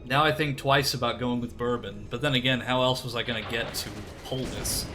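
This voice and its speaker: A young man streaming a video game, chatty and animated, who likes cheesy radio ad voices. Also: medium pitch, fairly quick. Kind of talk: let's play commentary. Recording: streamed with game music behind.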